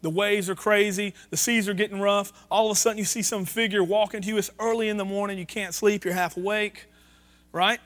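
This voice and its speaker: High-voiced pastor preaching. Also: male voice, steady tone, fairly quick, fairly bright tone. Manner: conversational preaching, reads scripture aloud, asks the congregation questions. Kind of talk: sermon. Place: church sanctuary.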